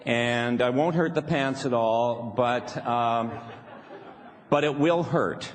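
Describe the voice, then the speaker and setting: A man's voice: mid-range voice, slow pace. A man leading a live workshop in front of an audience, playful, often laughing and acting out the voices he quotes. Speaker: seminar speaker. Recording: reverberant hall, faint background noise.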